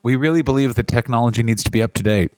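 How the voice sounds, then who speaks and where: A Canadian man riffs in a crude, rambling, joking way on a comedy podcast. He speaks at an average pitch. The sound is dry and close, recorded in a corner of his living room. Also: racing, a little mellow, dry recording. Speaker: podcast co-host. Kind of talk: casual comedic chat.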